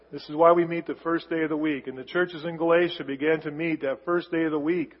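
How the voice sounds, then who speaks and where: Emphatic preaching man in a hall. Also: fairly high pitch. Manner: emphatic preaching, repeats words for stress. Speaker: pastor. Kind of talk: sermon. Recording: muffled sound in a large reverberant hall.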